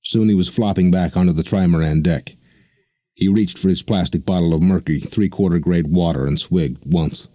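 A man narrating an audiobook in a steady, measured reading on a close microphone. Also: low voice, dry recording.

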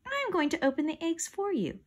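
A woman's voice: extremely high pitch, very animated, moderate pace, pitched above the performer's own voice. A woman reading a storybook aloud, voicing a male school principal who runs a quiz game for children. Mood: cheerful.

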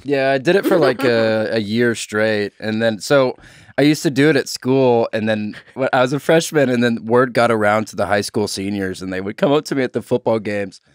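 A man's voice: mid-range voice, moderate pace, no echo, clean studio sound. A man, a comedian guest, chatting casually on a podcast in a rambling, laid-back way and laughing often.

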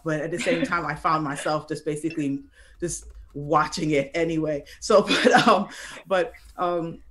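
A young adult guest on a casual panel discussion, speaking at a middling pitch. The delivery is hesitant, full of ums and restarted sentences. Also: steady tone, normal speed, fairly bright tone.

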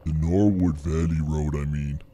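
An actor voicing a grim older gas station attendant in a horror game, giving warnings in a slow, ominous drawl. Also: male voice, rumbling low, fairly even intonation, warm tone, husky, exaggerated voice.

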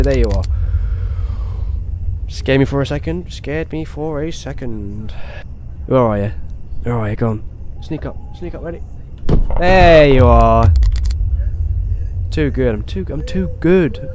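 Excitable man muttering at a horror game. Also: mid-range voice, a little slow, pauses often, a little hiss or hum. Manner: swears, talks to himself, swings between muttering and excited outbursts. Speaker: gaming YouTuber. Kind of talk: horror game let's play commentary.

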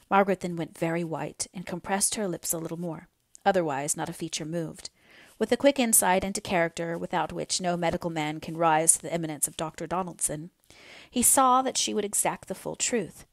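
A woman narrating a classic novel aloud in a measured, expressive storytelling manner. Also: on the low side, dry recording, clean studio sound. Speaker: audiobook narrator.

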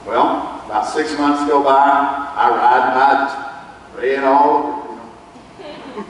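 A man's voice: mid-range voice, slow pace, slight background noise. A man, preaching as a pastor, telling a personal testimony in a folksy storytelling way. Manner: folksy storytelling, quotes others in lively bursts. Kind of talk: sermon testimony. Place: church sanctuary. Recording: echoey church hall, distant mic.

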